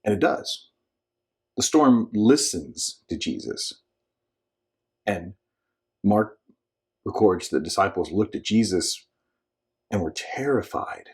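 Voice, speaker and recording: Husky-voiced minister telling a story. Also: male voice, on the low side, big pitch swings, slow pace, pauses often. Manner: conversational storytelling, acts out voices with sudden shouts and whispers; frequent restarts and filler asides. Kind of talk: informal short devotional talk.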